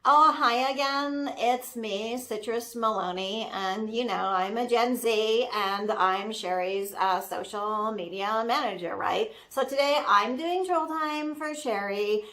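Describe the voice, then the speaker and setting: Lady doing a sassy gen z social media girl, lower voice than her own, ranting, like every other word. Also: takes it slowly, few pauses, fairly bright tone. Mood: indignant. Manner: filler-heavy, exasperated ranting. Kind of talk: comic character rant.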